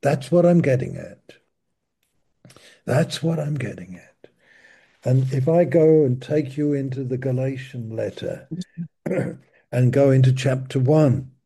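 A man teaching from the Bible in an informal, conversational way, slow and halting, often restarting his sentences. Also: medium pitch, expressive, gravelly, warm tone, husky. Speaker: preacher.

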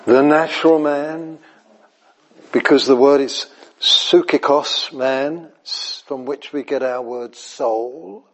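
A man's voice: medium pitch, slow. A man preaching an evening sermon. He shifts between emphatic repetition and near-whispers, chuckles, and checks whether his listeners follow him. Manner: animated, repeats phrases, drops to near whispers; chuckles and asks the audience if he makes sense.

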